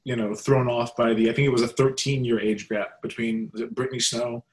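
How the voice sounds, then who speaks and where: A man hosting a podcast in casual chat, relaxed and joking as he steers the talk. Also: mid-range voice, fairly quick. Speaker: podcast host.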